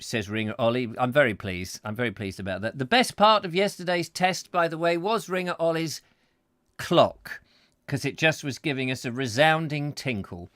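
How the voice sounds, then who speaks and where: Middle-aged host, bright and bouncy, ranty comic chat, dry close mic. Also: male voice, fairly high pitch, very animated, moderate pace, dry recording. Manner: rambling, playful, self-mocking, breaks into silly voices. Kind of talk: comic live chat show, reading viewer comments.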